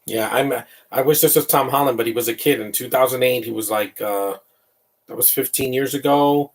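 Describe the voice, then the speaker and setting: A husky-voiced man talking over a film at a mid-range pitch, loose and opinionated, stumbling on repeated words as he goes. He sits a little back from the mic, so his voice sounds slightly distant. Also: normal speed. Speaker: movie commentator. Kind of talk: casual live film commentary.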